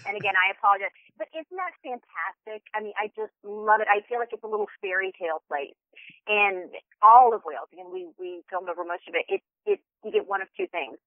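A woman on a travel show, telling stories in an enthusiastic, chatty way with lots of quick restarts. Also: mid-range voice, no room sound. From United States. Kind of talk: casual phone interview. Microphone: telephone. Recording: tinny phone line.

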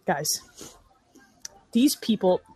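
A woman's voice: mid-range voice, very animated, very slow, warm tone, slightly rough, no room sound. Sarcastic woman riffing on a movie. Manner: sarcastic, swearing, mocking the film. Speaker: movie riff co-host. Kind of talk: casual movie commentary.

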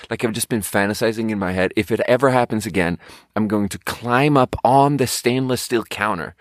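A man's voice: fairly low pitch, no room sound, clean studio sound. A man in his thirties telling a long, profane, self-mocking story in casual monologue, worn out and rambling. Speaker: podcast host.

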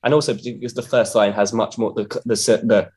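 A man's voice: on the low side, steady tone, fairly quick, a little mellow. A man in casual conversation, hesitant and full of fillers as he searches for words about lyrics.

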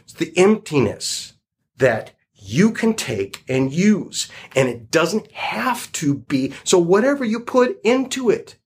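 A man with a husky voice talks reflectively, retelling a children's story and drawing a moral from it. His speech wanders as he explains, and his voice sits a little high with a wide, lively range. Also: slow pace.

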